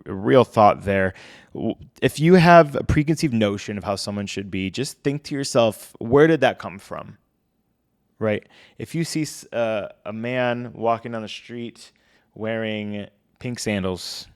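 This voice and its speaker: A man's voice: on the low side, no echo, clean studio sound. A young adult man hosting a casual solo podcast, chatty and conversational, with frequent fillers. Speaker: podcast host.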